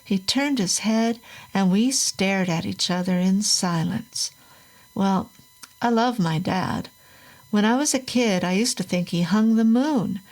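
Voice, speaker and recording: A woman narrating a horror story in a measured storytelling manner. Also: medium pitch, a little mellow, low-quality recording.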